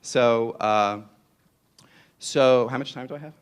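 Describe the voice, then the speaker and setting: A man's voice: medium pitch, slow, clean tone. A man from New York with a New York accent gives a public lecture in a playful, digressive way and often asks "right?".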